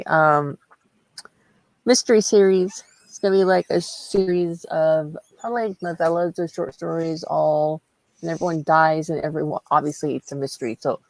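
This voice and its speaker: A woman chatting about her writing plans, hesitant and full of fillers, rushing ahead when excited. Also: low voice, dry recording. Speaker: guest writer. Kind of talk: casual chat.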